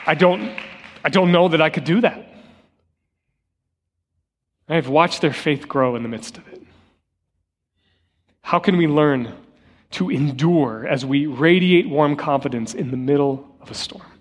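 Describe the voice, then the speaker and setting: High-voiced male pastor preaching in a reverberant hall. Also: measured pace, pauses often, breathy edge. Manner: earnest, personal storytelling; repeats key phrases for emphasis. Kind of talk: sermon. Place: church sanctuary. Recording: long hall reverb with faint guitar music.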